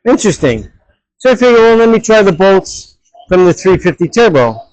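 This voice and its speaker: A man working as a hot rod mechanic in his garage, talking bluntly and loudly in a casual vlog while wearing a headset. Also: high-pitched, big pitch swings, fairly quick, no room sound, rough recording. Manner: blunt, direct and talks loud. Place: car garage. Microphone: headset mic.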